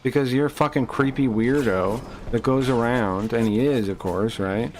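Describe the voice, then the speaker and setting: Guy streamer going off on a rant mid-game, cussing a lot, rambly, normal pitch. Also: normal speed, a little mellow, slight background noise. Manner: heated, profane, rambling with restarts. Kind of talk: ranting live-stream chat while gaming.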